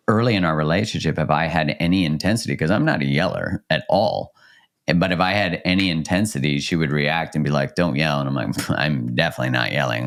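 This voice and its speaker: Very deep-voiced reflective man. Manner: reflective, earnest, laughs easily. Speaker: podcast guest, relationship coach. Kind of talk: casual chat.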